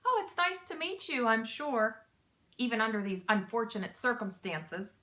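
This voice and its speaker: A woman's voice: a little high, sing-song, moderate pace, pushed and bright. A woman reading aloud, voicing a polite, long-winded adult male hijacker in a children's storybook. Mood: mock formal. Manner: formal, fussy, long-winded.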